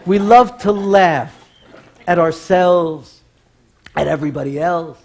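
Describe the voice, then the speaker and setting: A man's voice: fairly high pitch, slow, creaky. A man performing live stage comedy in a TV studio, telling jokes with careful punchline timing.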